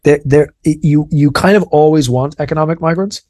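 A man's voice: fairly high pitch, fairly quick, few pauses, darkish tone, no room sound. An Irish man co-hosting a podcast, talking casually and self-deprecatingly, explaining ideas with lots of restarts. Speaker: podcast co-host.

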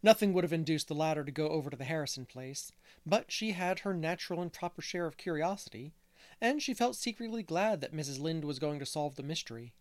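A man reading a classic novel aloud as narrator, measured and unhurried. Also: on the high side, dry recording. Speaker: audiobook reader. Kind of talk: scripted narration.

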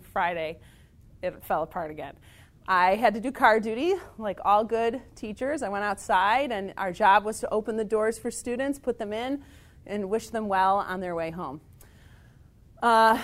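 A woman teacher telling a personal story in a lively, self-mocking way. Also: mid-range voice.

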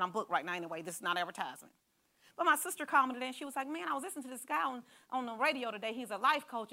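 A woman preaching a sermon in a conversational, animated way, talking straight to the congregation with asides and stories. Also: sits high.

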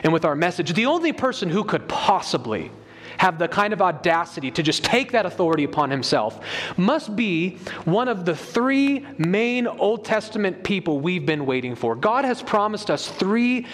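A man's voice: high voice, sing-song, normal speed, a bit bright. A man preaching a sermon, explaining a Bible passage emphatically and reading scripture aloud to his congregation. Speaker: pastor. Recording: long hall reverb.

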